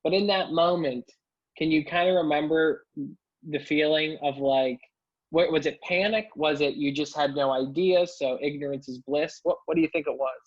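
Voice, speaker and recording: Male podcast host who rambles through questions, slightly high voice, muffled lo-fi audio. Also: steady tone, moderate pace. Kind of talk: casual interview chat.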